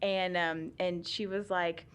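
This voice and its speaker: A woman's voice: on the low side, level tone, slow pace, smooth. A woman giving a chatty talk on special education law at a public meeting, laughing often and using many ums.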